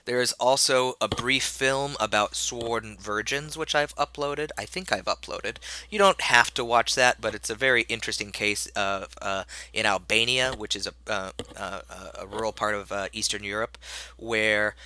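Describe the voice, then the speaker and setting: A man's voice: on the low side, normal speed, sharp tone. A man giving a recorded video lecture to his class in a casual, rambling way, with many fillers and restarts while he is slightly ill. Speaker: college instructor.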